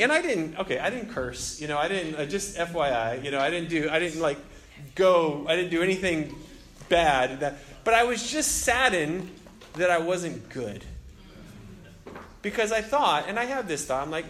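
Animated high-voiced male pastor. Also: normal speed. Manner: animated storytelling, acting out dialogue, many restarts. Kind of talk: sermon with personal story.

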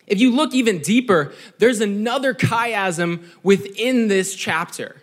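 A young male preacher with a high, light voice delivers a casual, conversational sermon. He sounds earnest and reflective and often checks in with his listeners. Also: expressive, a little slow. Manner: conversational, keeps asking "right?".

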